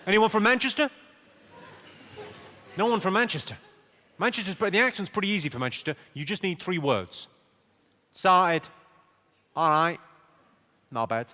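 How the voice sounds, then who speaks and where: A male stand-up comedian doing crowd work with brisk deadpan one-liners, teasing the audience at a live comedy venue. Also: high-pitched. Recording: loud background noise.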